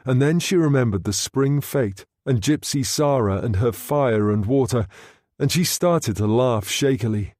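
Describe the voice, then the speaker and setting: A man narrating an audiobook in a measured, steady reading. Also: medium pitch, no room sound, studio quality. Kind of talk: scripted narration.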